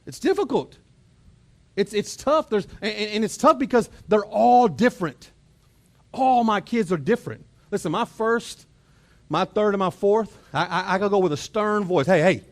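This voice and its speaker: Texan pastor guy, kinda high voice, chatty sermon, keeps restarting his words, chuckles a lot. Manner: conversational, repeats words while revving up; chuckles and mimics family exchanges. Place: church auditorium.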